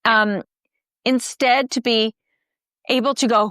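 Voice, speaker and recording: A woman's voice: mid-range voice, moderate pace, a bit bright, no room sound, studio quality. A woman author on a live chat, explaining parenting advice and acting out what a parent might say. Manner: explains with acted-out parent quotes. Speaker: book author guest.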